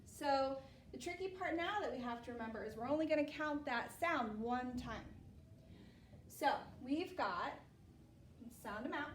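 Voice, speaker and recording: A woman teaching children a phonics lesson, patient and steady, checking in often with "okay?". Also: high-pitched, measured pace, long pauses, roomy sound, distant mic, a little hiss or hum.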